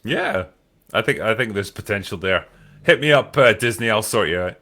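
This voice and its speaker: A man's voice: fairly low pitch, animated, normal speed, pushed and bright. A Scottish man hosting a podcast, reading out viewer questions in a laid-back, casual way and swearing freely. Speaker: podcast host.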